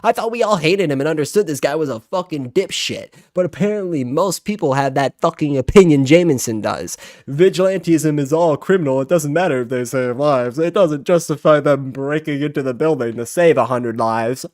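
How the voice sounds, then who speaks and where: A man's voice: a little high, moderate pace, few pauses, a little mellow, dry recording, studio quality. A man in his twenties with a heated, profane, exasperated way of talking as he hosts a reaction video. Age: 20s. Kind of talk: ranting reaction commentary.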